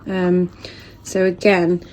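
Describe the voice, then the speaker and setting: A woman, a dog trainer, explaining hand feeding while filming on a phone held in her hand and softly praising her puppy. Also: fairly low pitch, monotone, slow pace, slight background noise. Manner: soft murmured praise to the puppy. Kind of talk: casual instructional talk.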